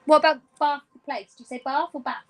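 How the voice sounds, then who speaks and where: A British woman chatting and teasing while hosting a live crystal sale, slowing down to read out items. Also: high-pitched, vocal fry. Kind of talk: casual live-stream sales chat.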